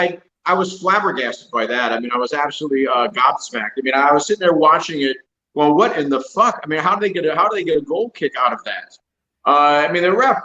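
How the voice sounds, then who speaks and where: A middle-aged man on a football fan show, talking in halting, exasperated casual banter with many restarts. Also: a little high, pushed and bright, roomy sound, dull audio. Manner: halting, repeats words, exasperated. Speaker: co-host.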